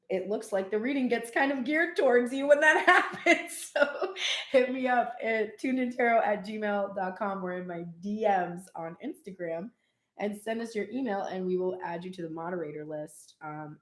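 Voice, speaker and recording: A woman giving a casual live tarot reading, chatty and animated, with frequent laughs and cheeky asides. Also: medium pitch, normal speed, echoey room. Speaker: tarot reader.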